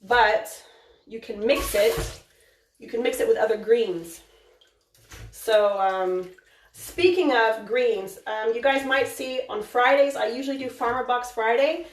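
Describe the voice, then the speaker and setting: A woman with a fairly high voice chats excitably through a live cooking stream, rambling and restarting her sentences as she goes. She sounds a little distant from the mic, in an echoey home kitchen with a faint hiss underneath. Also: measured pace.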